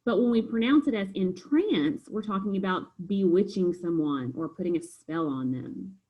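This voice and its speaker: A woman's voice: lowish voice, normal speed, phone-quality sound. A woman teacher patiently walking students through a homework review, step by step. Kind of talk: recorded homework review lesson.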